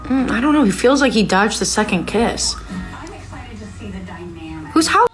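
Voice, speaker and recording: A woman's voice: on the high side, expressive, measured pace, faint music behind. A woman hosting a podcast, chatting casually and reacting aloud as she recaps a reality show, with lots of filler words. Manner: chatty, reacts aloud while watching, many "like"s. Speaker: podcast host.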